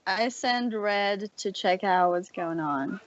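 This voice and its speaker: A woman playing a tabletop game, speaking calmly. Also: mid-range voice, takes it slowly. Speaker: player. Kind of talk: casual tabletop play. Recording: dull lo-fi with faint hiss.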